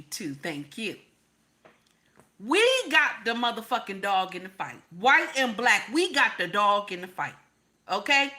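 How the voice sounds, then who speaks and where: A woman's voice: fairly high pitch, sharp tone. An American woman hosting a live stream, ranting to viewers in a profane, emphatic way and repeating her points. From United States. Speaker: livestream host.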